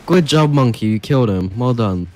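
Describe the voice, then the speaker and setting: A man's voice: mid-range voice, animated, normal speed, darkish tone. A man chatting as a teammate during a game, sarcastic and profane. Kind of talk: casual gameplay chat.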